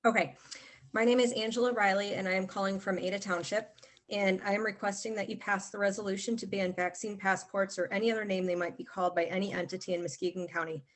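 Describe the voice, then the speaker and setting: A woman's voice: mid-range voice, steady tone, fast talker. A woman calling in to a public meeting, earnestly reading a prepared statement. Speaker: caller. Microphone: call-in line.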